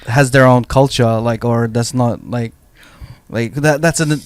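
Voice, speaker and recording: A man's voice: medium pitch, unhurried. A man co-hosting a casual podcast, telling stories in a rambling way with many restarts. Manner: rambling, frequent restarts, storytelling. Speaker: podcast co-host.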